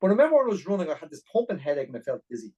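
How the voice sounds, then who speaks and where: A middle-aged Irish man telling a long personal story as a podcast guest, animated and full of detail. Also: fairly high pitch, breathy edge, muffled recording. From Ireland. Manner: animated, fast-paced anecdotal storytelling. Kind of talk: storytelling interview.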